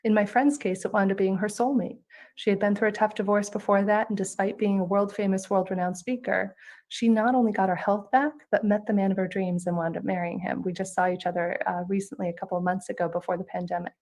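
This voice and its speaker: A woman speaker gives a spiritual talk in an even, mid-pitched voice. She tells her stories in a gently instructive manner and guides the listeners. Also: quick pace. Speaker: conference speaker and author.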